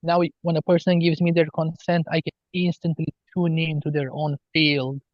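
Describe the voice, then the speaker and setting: A man talking as a healer guest on a podcast, slow and earnest as he explains spiritual ideas. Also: on the high side, little pitch movement, no echo, highs cut off. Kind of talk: podcast interview.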